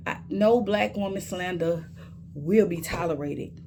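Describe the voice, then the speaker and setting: A woman's voice: on the low side, unhurried, mellow, a little hiss or hum. A woman vlogger telling a candid story in an emphatic way, repeating words when she gets worked up.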